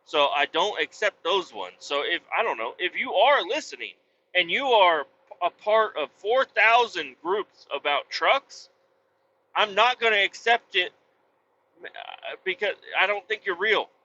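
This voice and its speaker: A man with a bright, forceful, slightly high voice talks casually from the cab of his truck. He rambles bluntly and swears freely. The audio is dull and lo-fi, with faint road ambience behind him. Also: lively intonation, unhurried, slight background noise. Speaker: trucker vlogger. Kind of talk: casual chat while driving.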